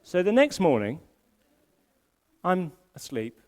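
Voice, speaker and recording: Animated man preaching a sermon. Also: high voice, slow pace. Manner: animated storytelling, self-deprecating humor, frequent restarts. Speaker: senior pastor. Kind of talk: live sermon. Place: church service in a school hall.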